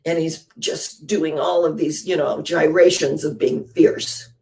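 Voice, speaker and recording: In her sermon, a woman minister tells a story full of lively rhetorical questions, suddenly dropping into a hushed, breathy near-whisper. Her voice sits low and her delivery is a little slow.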